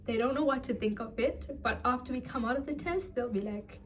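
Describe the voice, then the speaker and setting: A woman's voice: on the high side, a little fast. A young woman speaking to her viewers in a personal vlog, earnest and heartfelt, emotional and close to tears. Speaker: vlogger. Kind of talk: personal vlog talking to camera.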